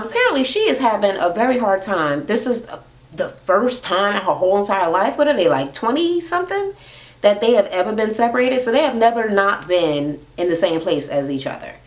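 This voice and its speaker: A young woman ranting casually and sassily as she recaps a reality TV episode, with plenty of swearing. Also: medium pitch. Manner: sassy, profane, animated. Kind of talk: casual rant.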